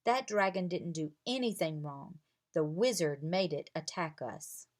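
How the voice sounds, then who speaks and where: A woman's voice: on the low side, a little slow, close to an everyday voice. A woman voicing an eager, brave young girl who rides dragons, piping up in a read-aloud storybook. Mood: excited.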